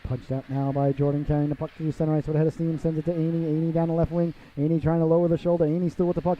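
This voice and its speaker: A man calling a hockey game live, his voice sitting a bit high. He talks to the listeners in a chatty, showy way and rises into excited calls on big plays. The sound is muffled and lo-fi, like an old broadcast. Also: very fast, few pauses. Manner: chatty and theatrical, calls the audience "ladies and gentlemen". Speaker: play-by-play announcer. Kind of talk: live hockey play-by-play commentary. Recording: dull lo-fi broadcast audio.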